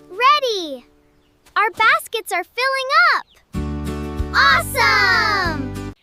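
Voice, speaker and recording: Super squeaky little cartoon chick, slooow and bubbly, yelling everything happily. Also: heavily acted. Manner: bubbly, exclaiming every line. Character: cheerful tiny cartoon chicks. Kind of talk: children's cartoon voice acting. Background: children's music.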